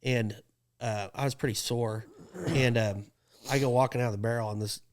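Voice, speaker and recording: A man's voice: mid-range voice, normal speed. A man who works as a rodeo clown, telling stories in a casual podcast chat, laughing often and acting out what people said. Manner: animated, laughing, acts out quotes.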